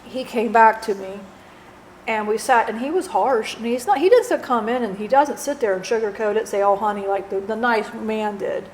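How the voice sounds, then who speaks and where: A woman channeling a departed friend, telling her story in an earnest, halting way with many restarts. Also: a little high, a little mellow. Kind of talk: spiritual channeling testimony. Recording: roomy echo, faint background noise.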